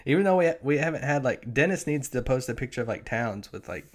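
A man's voice: mid-range voice, fast talker. A man co-hosting a sports podcast, talking loosely with lots of "like" and easy laughs. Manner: relaxed, many "like" fillers, easy laughs. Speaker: podcast co-host. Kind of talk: casual sports podcast chat.

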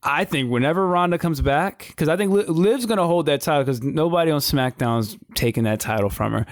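A man co-hosting a casual wrestling talk show. He speaks in an animated, slangy way and often repeats his words. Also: medium pitch, a little fast, few pauses, no room sound, clean studio sound. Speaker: wrestling podcast co-host. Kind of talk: casual commentary chat.

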